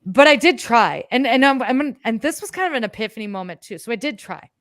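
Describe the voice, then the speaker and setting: A woman co-hosting a podcast, telling a story in a casual, animated way, swearing freely and acting out her own words. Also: a little high, quick pace, no echo, clean studio sound. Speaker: podcast co-host.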